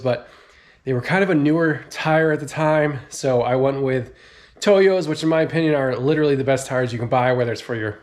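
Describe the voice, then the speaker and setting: A man's voice: mid-range voice, darkish tone, slight background noise. A young man with a mid-range voice, chatting casually on a camera mic as he moves around the car. He's hyped and easygoing and full of slang, like a car modding vlogger showing off new parts. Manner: enthusiastic, laid-back slang. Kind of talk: casual garage vlog.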